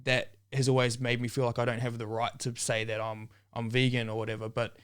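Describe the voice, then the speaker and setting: Chill young guy chatting fast on a podcast, smooth clear voice, keeps saying bro. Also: medium pitch, flat delivery. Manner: laid-back, says "man" and "bro" often. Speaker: podcast guest. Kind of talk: casual chat.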